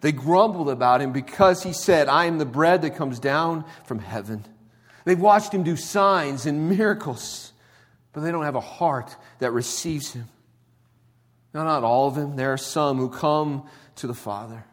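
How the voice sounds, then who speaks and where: Casting note: male preacher, slightly high voice, casual then emphatic delivery, long reverb of a sanctuary. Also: measured pace. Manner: conversational preaching, swinging from quiet to emphatic. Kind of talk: sermon.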